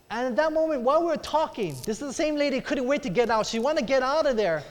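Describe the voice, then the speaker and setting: A man's voice: extremely high pitch, big pitch swings, fast talker, hardly any pauses. A middle-aged man preaching a sermon, telling a personal story and acting out the voices in it, calling for amens from the congregation. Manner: storytelling, acts out quoted voices, calls for amens. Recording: long hall reverb.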